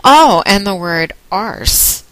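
A woman hosting her own recorded monologue, speaking in a teasing, commanding, unhurried way. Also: medium pitch, lively intonation, fairly bright tone, dry recording, poor audio. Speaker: phone domination host.

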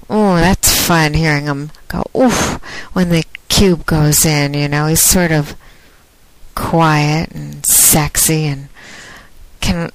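A woman hosting her own podcast, talking through a casual monologue in a slow, drawn-out way. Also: low-pitched, no room sound, low-quality recording. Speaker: podcast host.

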